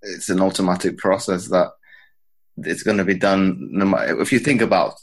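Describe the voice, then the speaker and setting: Male podcast host, very deep voice, halting casual delivery, searches for words. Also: breathy edge. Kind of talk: casual interview chat.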